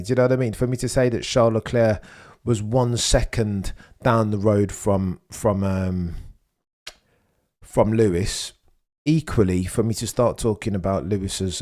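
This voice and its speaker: A man's voice: on the low side, fairly even intonation, normal speed, mellow. A young man hosting a casual live watchalong stream, chatting and answering viewers' messages as he talks. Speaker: livestream host.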